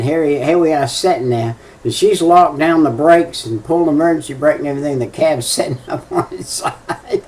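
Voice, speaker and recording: A man's voice: fairly high pitch, darkish tone, far from the mic. An older man preaching a folksy sermon, telling stories with emphatic, chuckling delivery.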